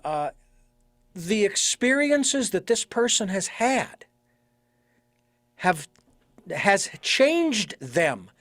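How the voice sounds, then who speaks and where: Animated high-voiced male host. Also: no echo. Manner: animated, full of rhetorical questions and filler hesitations. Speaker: podcast host. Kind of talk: conversational interview.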